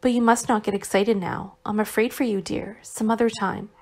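A woman's voice: medium pitch, steady tone, moderate pace, a little mellow, lightly acted. A woman voicing an anxious, devoted young wife who pleads earnestly, in an audiobook reading. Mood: pleading.

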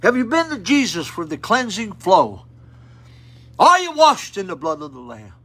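A man's voice: high voice, huge pitch swings, normal speed, a bit bright, breathy edge. An older man preaching a sermon at a rescue mission, plain-spoken and folksy with fervent appeals, in an auditorium.

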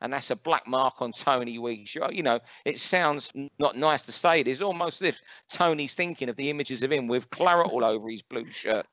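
This boxing podcast co-host speaks with a London accent in a mid-range, slightly bright voice, captured as a muffled recording with no room sound. Opinionated and ranting, he rapidly lists fight records during casual chat.

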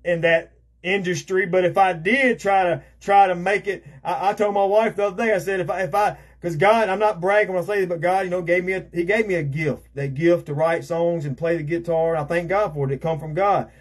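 Man, evangelist sermon, husky, fairly high voice, rambling and repetitive. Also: fairly even intonation, brisk. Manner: conversational, repeats himself, frequent "you know". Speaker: evangelist preacher.

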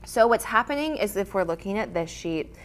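A young woman hosting a casual art lettering tutorial, chatty and quick to laugh, with frequent ums and restarts. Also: mid-range voice, lively intonation. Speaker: art instructor and host.

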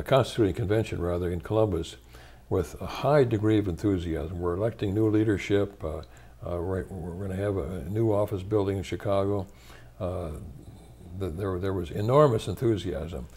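This older American interviewee, once a church leader and now retired, has a low, mellow, slightly rough voice. His answers are careful and considered, broken up by frequent pauses and sentence restarts.

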